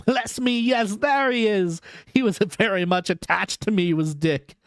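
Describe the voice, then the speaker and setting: A man voicing an old miser, excitable and nostalgic, his voice rising high in a storybook reading. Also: a little slow, clear, resonant tone, no echo, studio quality.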